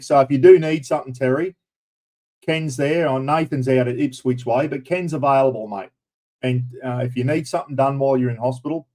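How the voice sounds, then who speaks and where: Australian bloke in his fifties, host of a casual live stream, rambling and matey, mid-pitched voice. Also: darkish tone. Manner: blokey, rambling, lots of "mate" and "bloody". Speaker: livestream host.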